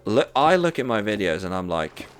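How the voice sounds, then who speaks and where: Male streamer chatting while gaming, deep voice that swings widely in pitch, rambling and prone to restarts. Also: sing-song, normal speed, soft background music. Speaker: live streamer. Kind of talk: casual chat while gaming.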